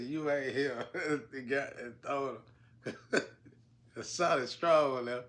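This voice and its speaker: A man's voice: medium pitch, a bit bright. A man telling stories in a casual, rambling way, laughing often and using slang. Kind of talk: casual storytelling.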